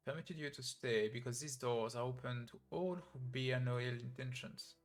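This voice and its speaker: A man's voice: medium pitch, normal speed, faint music behind, natural voice. A man reading as a weary old abbot. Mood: sorrowful. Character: weary old male abbot, sorrowful and devout.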